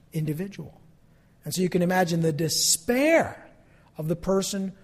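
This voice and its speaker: Earnest preacher in a reverberant hall. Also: male voice, fairly high pitch, a little mellow, slightly rough. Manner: earnest, rising to emphatic bursts. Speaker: pastor. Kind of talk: sermon.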